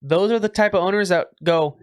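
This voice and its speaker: Man, slightly high voice, podcast co-host, slangy, laid-back. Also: fairly quick, smooth. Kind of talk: casual chat.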